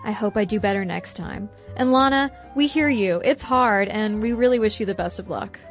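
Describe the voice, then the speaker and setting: A woman podcast co-host reading a listener letter aloud, with lively jumps in her delivery. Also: moderate pace, faint music behind. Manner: expressive reading with animated pitch jumps. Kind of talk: reading listener mail and ads.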